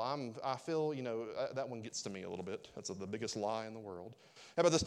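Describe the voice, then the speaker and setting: A pastor preaching a sermon in a conversational, joking way, full of rhetorical questions to the congregation. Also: male voice, mid-range voice, sing-song, fast talker, vocal fry.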